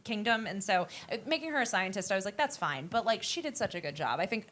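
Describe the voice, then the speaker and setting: A woman co-hosting a casual film review podcast in a studio, speaking in a quick, eager, agreeable way. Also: medium pitch, sing-song, a bit bright. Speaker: podcast co-host.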